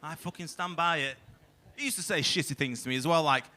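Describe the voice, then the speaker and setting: A man doing a crude stand-up comedy set on a club stage, swearing freely and acting out shouty quotes, into a handheld mic. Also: a little high, fairly quick.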